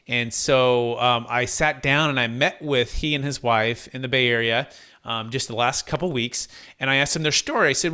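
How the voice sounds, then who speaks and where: A man telling a client story in an interview, lively, acting out the voices of the people he quotes. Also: mid-range voice, moderate pace, clean tone. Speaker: guest, tax deferral advisor.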